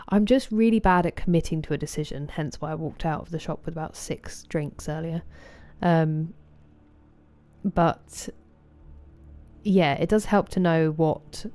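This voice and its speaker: A woman's voice: sits low, measured pace, dark tone, dry recording. A woman from southeast England with a southeast English accent, chatting casually with live viewers while streaming a game and greeting them by name.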